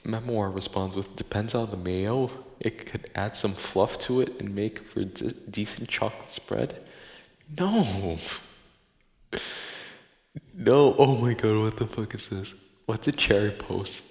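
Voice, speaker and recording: A man's voice: on the low side, measured pace, darkish tone. A man hosting a casual solo podcast, swearing in exasperation as he reads listener posts aloud. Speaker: podcast host. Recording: echoey room with long reverb.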